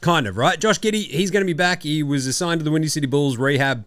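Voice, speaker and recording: An Australian man hosting a casual sports talk show, animated and swearing freely. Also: a little high, fast talker, few pauses, faint music behind. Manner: animated, swearing, laughing asides. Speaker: podcast host.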